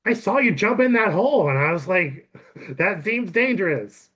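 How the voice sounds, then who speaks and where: A secretive young woman in a trench coat and mask talks in a breezy, coy manner, as a man puts her on. Her voice sits well above his own pitch. The sound is a touch muffled and lo-fi. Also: very animated, moderate pace, a bit bright, heavily acted.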